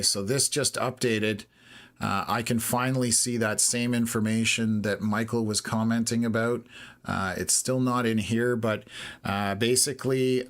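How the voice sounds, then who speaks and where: A man hosting a live storm-tracking stream, slightly hoarse and losing his voice, talking steadily with many pauses of "uh.". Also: lowish voice. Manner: steady, unhurried, lots of "uh" pauses. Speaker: weather stream host.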